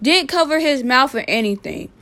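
A young woman hosting her own podcast, telling a story in a casual, animated way, repeating herself with sassy asides. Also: high voice, normal speed. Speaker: podcast host.

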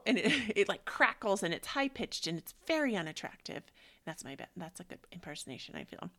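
A woman in her thirties hosting a spiritual book club, chatting in a rambling, dreamy way that often drops into soft whispers. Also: medium pitch, sing-song, brisk, a little hiss or hum. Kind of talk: casual spiritual chat.

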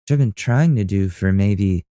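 A man's voice: fairly low pitch, normal speed, mellow, smooth, no echo, clean studio sound. A young man hosting a podcast, ranting casually and with exasperation, swearing freely. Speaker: podcast host. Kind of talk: casual rant to camera.

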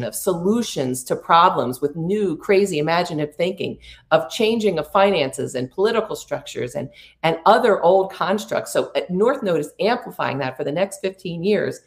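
Earnest, soothing woman giving astrology coaching. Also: on the low side. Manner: earnest, soothing, with playful laughing asides. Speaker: spiritual prosperity coach. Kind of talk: astrology talk and coaching monologue.

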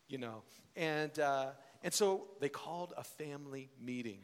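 A man, a worship leader, telling a personal story with animated, laughing delivery and acting out family members. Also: fairly high pitch, unhurried. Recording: reverberant hall.

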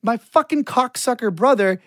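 A man's voice: very high-pitched, moderate pace, a bit bright, no room sound, clean studio sound. A man in casual chat, telling a crude story with lots of swearing and laughter breaking into his lines.

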